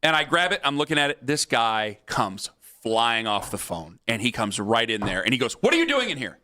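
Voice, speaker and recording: A man's voice: medium pitch, normal speed, sharp tone. A man hosting sports talk radio, animatedly telling a funny story and acting out the other people in it.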